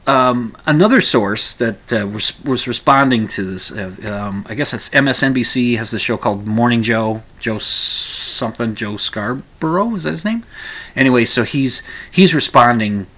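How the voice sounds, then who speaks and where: A man's voice: mid-range voice, lively intonation, moderate pace, bright, forceful tone. A man hosting a casual commentary show, rambling through the news with frequent restarts and asides.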